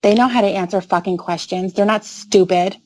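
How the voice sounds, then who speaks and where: A woman arguing back in a firm, sharp, profane way. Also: medium pitch, brisk, no room sound, poor audio. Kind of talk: heated argument.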